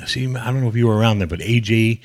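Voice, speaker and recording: This fast-talking man has a low, darkish voice and hails from New England. A former professional wrestler appearing on a podcast, he tells rambling, crude, blunt stories in a casual interview, acting out other people's words as he goes.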